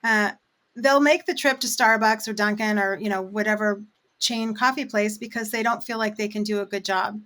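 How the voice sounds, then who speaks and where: A woman coffee roaster talks in a loose, conversational way as an interview guest. She explains at length, dotting her sentences with "um" and "you know". Her voice sits at an ordinary middle pitch. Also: fairly even intonation, normal speed, a bit bright. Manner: chatty and explanatory, frequent fillers. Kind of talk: casual interview chat.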